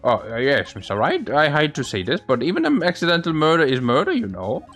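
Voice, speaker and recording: A man's voice: on the high side, sing-song, brisk, fairly bright tone, full character voice. A man voicing an old man who talks in an old-fashioned way, calling people my dear and me boy, over faint game music. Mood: earnest.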